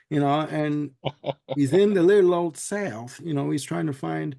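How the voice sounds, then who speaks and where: A man's voice: fairly high pitch, normal speed, gravelly, dark tone. A man hosting a casual podcast chat, rambling through a retelling with lots of "you know"s. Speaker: podcast host.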